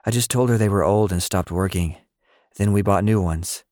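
A man voicing a weakened boy who speaks softly and wearily in an audio story. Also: on the low side, moderate pace, no echo, studio quality, close to an everyday voice. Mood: weary. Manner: soft and weary. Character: tired, weakened boy with powers.

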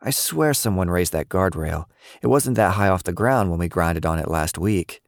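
A boastful, joking old grandfather, as a male narrator plays him with a deep, low voice. He jests with mock grandeur. The sound is dry and close, like a storybook reading. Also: moderate pace, gravelly, no echo. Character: playful, boastful elderly grandfather.

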